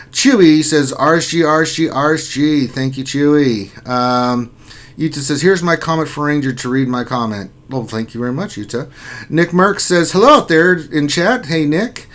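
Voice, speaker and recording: A man with a slightly high, fairly bright voice hosts a casual gaming livestream. He reads viewers' names aloud in an upbeat, jokey way as he chats.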